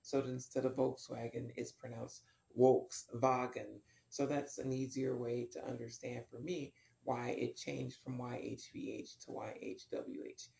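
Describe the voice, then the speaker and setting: A man talks his way through a homespun Bible study, his voice heavily gravelly with a rough fry. He rambles, doubles back and fills pauses with ums. The room around him rings with a noticeable echo. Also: medium pitch, flat delivery, mellow. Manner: rambling, with many ums and restarts. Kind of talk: casual Bible lesson.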